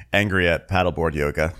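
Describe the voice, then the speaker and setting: A man's voice: low voice, fairly bright tone. A man co-hosting a podcast, recapping events in an easygoing, comedic way and quoting people in mock voices. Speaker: podcast co-host. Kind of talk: casual comedic recap chat.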